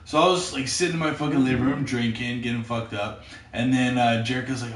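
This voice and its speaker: A man telling a story casually, rambling, repeating himself and swearing constantly, sometimes getting loud and excited. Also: mid-range voice, fast, echoey room, distant mic, a little hiss or hum. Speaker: podcast storyteller.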